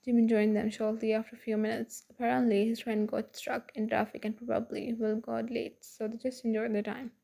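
A woman narrating fan fiction aloud in a steady reading voice with frequent slips. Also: a little high, brisk, gravelly, hardly any pauses.

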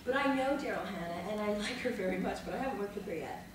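Animated woman telling wild set stories. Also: mid-range voice, fast. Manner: lively, dramatic, laughing, swearing freely. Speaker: actress panel guest. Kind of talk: animated anecdotal storytelling. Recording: echoey room, mic far off, noisy.

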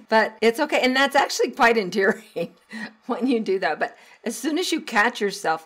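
A middle-aged woman talks through a solo podcast in a chatty, easygoing way. Her voice sits at an ordinary pitch, and laughter often breaks into her lines. She grows animated whenever she acts out a moment. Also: normal speed, slightly rough. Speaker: podcast host and teacher. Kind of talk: casual solo podcast advice.

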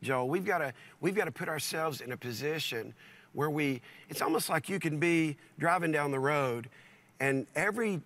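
Middle-aged man, pastor, lively storyteller, bright forceful tone, slightly higher pitch; often restarts lines. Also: normal speed. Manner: animated, repeats words and restarts often. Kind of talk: storytelling in a conversation.

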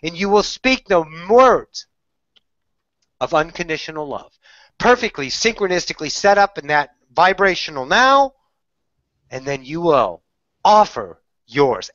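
Channeling spiritual teachings in a webinar, a woman with a lowish, fairly bright voice preaches, asks rhetorical questions, and calls her listener "darling." The recording is dry, captured as slightly dull webinar call audio.

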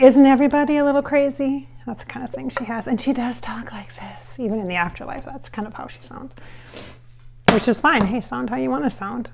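A woman's voice: fairly high pitch, creaky, fairly bright tone. A woman chatting casually in a vlog while she cooks at home. She rambles, with many fillers and restarts. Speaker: psychic medium vlogger. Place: home kitchen with hardwood floors.

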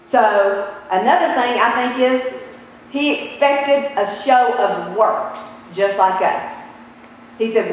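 A woman preaches to a congregation, throwing questions out to her listeners as she goes. Her fairly high voice sits well back from the microphone. It rings with the long reverb of a large hall. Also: unhurried, slight background noise. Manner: animated, asks the audience questions. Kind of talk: sermon. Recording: echoey hall from far off.

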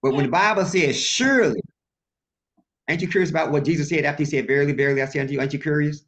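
A male pastor preaching a sermon in a colloquial, animated way and calling out to his congregation. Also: a little high, rapid-fire. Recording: muffled lo-fi sound.

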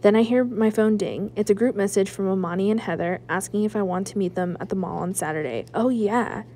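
A woman, a school librarian, reading a chapter book aloud in a lively first-person narration with hushed asides. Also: medium pitch, quick pace, a little hiss or hum.

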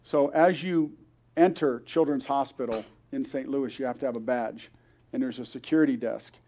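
A man's voice: medium pitch, steady tone, normal speed, warm tone. An older man, a grandfather, telling an earnest story at a church service, acting out the voices of the people he quotes. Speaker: guest speaker.

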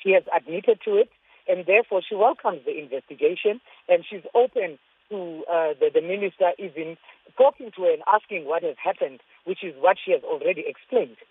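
Husky spokeswoman on a tinny phone line. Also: lowish voice, a little fast, no room sound. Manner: firm, defensive answers. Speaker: government spokesperson. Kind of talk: interview by phone.

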